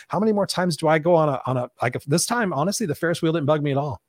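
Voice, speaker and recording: A man's voice: fairly high pitch, expressive, racing, hardly any pauses, no room sound. A man hosting a motivational interview as a life coach, talking emphatically and punchily and swearing freely.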